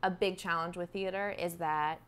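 A woman's voice: on the low side, steady tone, moderate pace, noisy background. A woman, a stage-trained actress, chatting in an interview in a bubbly, enthusiastic way. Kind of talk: casual interview chat.

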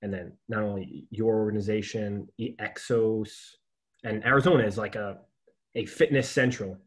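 A man's voice: lowish voice, fairly even intonation, moderate pace. A man hosting a podcast, chatty and telling stories with frequent laughs. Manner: chatty, storytelling, laughs often. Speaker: podcast host. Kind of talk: casual conversation.

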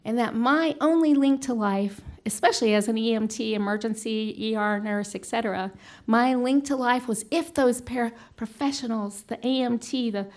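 A middle-aged woman with a fairly high voice tells a personal story live on a small stage. She speaks earnestly and haltingly, restarting her sentences. Now and then she breaks into loud shouts. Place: small stage venue before an audience.

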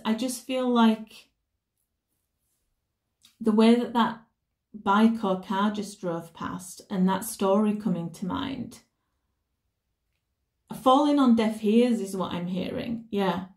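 A woman's voice: mid-range voice, darkish tone. Rambling woman reading tarot. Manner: rambling, self-correcting storytelling. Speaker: tarot reader. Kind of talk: casual tarot reading chat. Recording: roomy echo.

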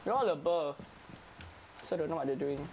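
A young man with a Singaporean English accent giving excitable, pleading commentary over live gameplay. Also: a little high, brisk, gravelly, slight background noise, poor audio. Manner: excitable, pleading and whiny with teammates, breaks into laughs. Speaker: gamer streamer.

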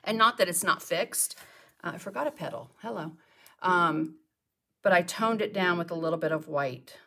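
A middle-aged woman with a slightly low voice leads a live painting tutorial from her studio. She chats casually and talks to herself while she works. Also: normal speed, creaky, bright, forceful tone. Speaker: painting teacher. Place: home art studio.

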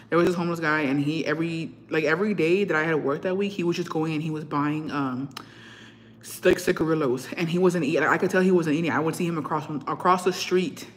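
A woman's voice: low voice, reverberant, slight background noise. A young woman hosting a casual livestream, telling stories animatedly, swearing often and slipping into Spanish phrases. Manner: swears freely, slips into Spanish; animated storyteller. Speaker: livestream host.

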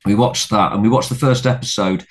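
A middle-aged podcast guest tells a story in casual conversation, speaking fairly quickly in a fairly low voice. He rambles, restarts often, repeats words and swears freely.

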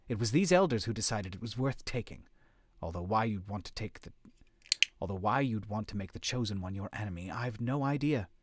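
A man voicing a proud, blunt young male creature lord who speaks flatly. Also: lowish voice, brisk. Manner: flat, blunt.

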